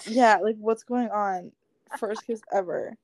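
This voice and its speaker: A woman's voice: mid-range voice, takes it slowly, dry recording. Chatty young woman, dry close mic. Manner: chatty storyteller, acts out dialogue, many "like"s. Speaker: podcast co-host. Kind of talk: casual chat.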